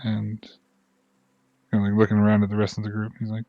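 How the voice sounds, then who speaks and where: A man's voice: lowish voice, monotone, fast talker, dry recording, narrow, tinny audio. A man narrating a tabletop game as game master, rambling and hesitant, with many fillers.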